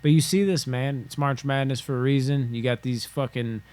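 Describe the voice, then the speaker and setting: A man's voice: mid-range voice, steady tone, normal speed, a little mellow, clear, resonant tone. A man hosting a solo podcast from home, rambling casually and swearing freely as he spitballs. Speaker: podcast host. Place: home room.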